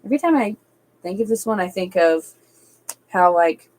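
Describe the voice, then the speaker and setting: A woman's voice: mid-range voice, expressive, normal speed, darkish tone, poor audio. A woman doing a live-streamed tarot reading, reading card texts aloud evenly and slipping into casual, chatty asides. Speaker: tarot reader.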